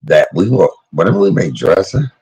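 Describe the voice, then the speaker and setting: This middle-aged cooking vlogger talks briskly in a low, dark, husky voice with vocal fry and huge pitch swings, and the recording is low quality. Emotional and chatty as he cooks, he reads viewers' comments aloud and speaks to people in the live chat by name.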